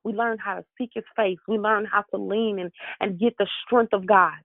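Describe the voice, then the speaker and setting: A woman's voice: medium pitch, fairly even intonation, moderate pace, dry recording. A woman preacher delivering a devotional sermon with fervent, repetitive exhortation. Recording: tinny dry phone line.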